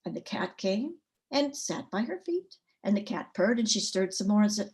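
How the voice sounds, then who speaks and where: A woman storyteller at a story swap, telling a folk tale with an expressive, rhythmic cadence. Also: mid-range voice, normal speed.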